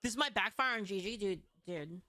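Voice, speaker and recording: A woman's voice: mid-range voice, animated, moderate pace, bright, forceful tone, no room sound. A woman giving blunt, scornful opinion commentary in a played clip, swearing casually.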